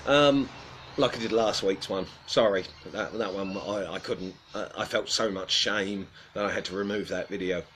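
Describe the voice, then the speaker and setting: A man's voice: low-pitched, normal speed, fairly bright tone, slight background noise. A man hosting a casual livestream outdoors. He tells a rambling, self-deprecating story and chuckles often. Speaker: livestream host.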